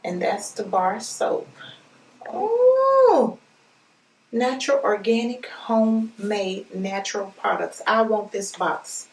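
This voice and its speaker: A woman vlogger, chatting excitedly with viewers as she unboxes a package. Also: mid-range voice, a little slow, hardly any pauses. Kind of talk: excited casual unboxing chat. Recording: echoey room, voice a bit far from mic.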